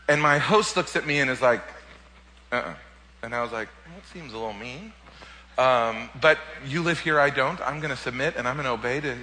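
Male pastor telling a story, bright voice, long hall reverb, animated, repeats words. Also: medium pitch, a little hiss or hum. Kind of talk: sermon testimony storytelling.

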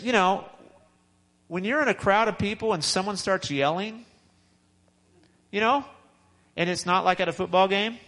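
A man's voice: sits high, fairly bright tone, poor audio. A man preaching a sermon in a conversational, repetitive way, with frequent restarts and chuckles. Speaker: pastor.

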